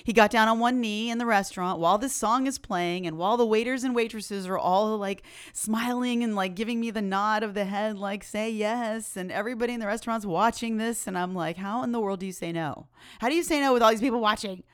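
A woman podcast host telling a personal story in a chatty, animated way, laughing often. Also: medium pitch, fairly quick, clear, resonant tone, dry recording, clean studio sound.

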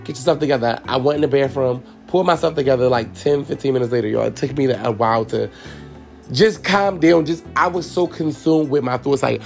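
A man's voice: medium pitch, fairly quick, vocal fry, soft background music. A man hosting a podcast, telling a personal story in a candid, profane, casual way and talking straight to his listeners. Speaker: podcast host and hairstylist.

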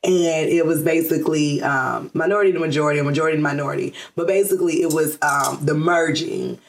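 A woman's voice: low-pitched, fairly even intonation, fast talker. Chatty woman in a roomy space. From Georgia, USA. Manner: rambling, laughs often, many fillers and restarts. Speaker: interview guest. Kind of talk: casual conversational interview. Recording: roomy echo.

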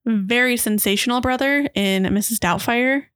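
A woman's voice: fairly high pitch, moderate pace, a bit bright, no echo, studio quality. A woman co-hosting a podcast in casual chat, enthusiastic and laughing often. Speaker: podcast co-host.

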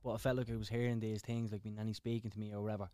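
Fast-talking young Dublin man. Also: lowish voice, level tone, dark tone, smooth, dry recording. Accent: Dublin Irish. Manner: rapid, swearing, filler-heavy. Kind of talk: casual storytelling chat.

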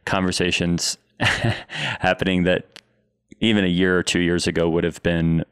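Deep-voiced joking man, dry sound. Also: fairly even intonation, measured pace, fairly bright tone, clear, resonant tone, dry recording. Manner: joking interjections. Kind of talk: casual chat.

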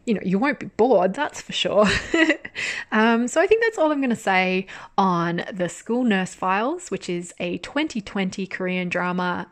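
Woman podcast host, casual drama-review monologue, chatty, sweary, laughs often. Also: medium pitch.

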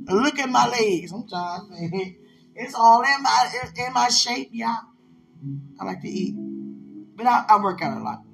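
This vlogger has a fairly high voice with vocal fry, talking casually to the camera to a loved one while gushing, giggling and rambling with a voice that swings up and down. The rough recording carries a music bed under her voice.

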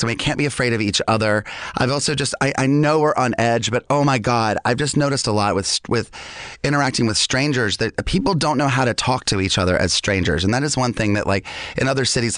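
Chatty host with dry close sound. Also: male voice, medium pitch, no room sound. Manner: rambling, animated, quick to laugh. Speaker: podcast host. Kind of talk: casual chat. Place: studio with guests.

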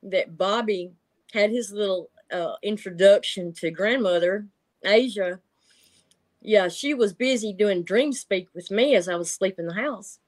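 Middle-aged woman, lively storyteller who acts out the voices, mid-range pitch. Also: unhurried. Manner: animated, laughs often, acts out voices. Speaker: guest telling encounter stories. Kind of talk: casual storytelling chat.

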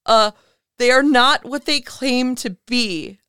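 A woman's voice: a little high, pushed and bright, clean tone, no echo, pitched above the performer's own voice. A woman acting out a frantic, panicked male caller who sputters and sounds close to tears. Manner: sputtering, near tears, halting. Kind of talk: podcast chat.

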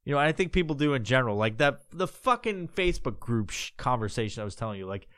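A man's voice: mid-range voice, very animated, fast, fairly bright tone, no room sound. Man, podcast host, rambling casual talk, swears a lot, dry close sound. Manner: loose and profane, full of fillers and restarts.

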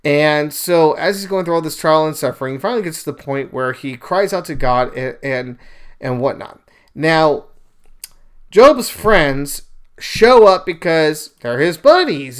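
Speaking at a measured pace in a smooth, fairly high voice, a male podcast host recounts a scripture story in a relaxed way and offers his own commentary. He gets animated and emphatic, voices the characters he quotes, and wanders into asides and fillers as he talks.

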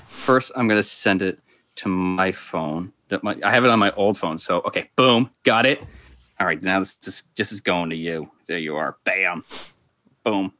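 A man's voice: low voice, moderate pace, no echo. A man in his forties telling a long funny story as a podcast guest, laughing often and stumbling over his words. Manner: lively, laughs often, repeats and restarts. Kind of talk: animated storytelling.

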